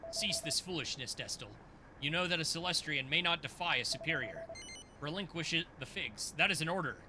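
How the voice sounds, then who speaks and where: Guy putting on a deep low stern angel teacher, formal and commanding, game voice. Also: expressive, a little fast, background noise, lightly acted. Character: stern, solemn male angelic mentor.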